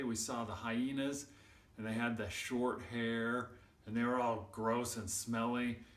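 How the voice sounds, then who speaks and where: A man voicing his excitable adult friend, who anxiously pleads over strange food and then eagerly schemes. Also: mid-range voice, natural voice. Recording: roomy sound from a distant mic.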